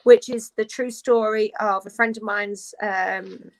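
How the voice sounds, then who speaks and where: A woman guest on a casual live video chat, lively and candid, talking from her beauty room at home. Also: medium pitch, unhurried, low-quality recording. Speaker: guest, actress. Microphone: video call.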